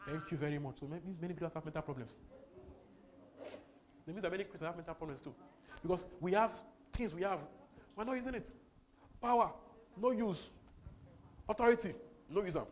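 Male preacher, fairly high voice, emphatic and repetitive, faint noise behind. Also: fast talker, pauses often. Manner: emphatic, repeats words, swings between loud and soft. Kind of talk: sermon.

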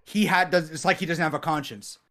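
Male co-host, hesitant and filler-heavy, somewhat high voice. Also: fairly quick, bright, forceful tone. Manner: hesitant, lots of you-knows. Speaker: podcast co-host. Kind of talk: casual chat.

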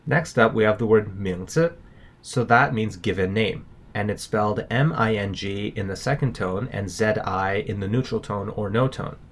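A man's voice: fairly low pitch, normal speed, slight background noise. A man co-hosting a language lesson, explaining words steadily. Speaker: language podcast co-host.

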